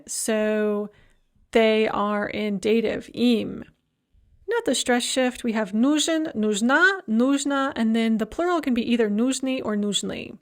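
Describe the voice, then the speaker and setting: A woman lecturer teaching a language lesson, explaining grammar step by step and slowing down to enunciate each example phrase. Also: a little high, clear, resonant tone. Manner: explanatory, repeats key points. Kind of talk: recorded lecture.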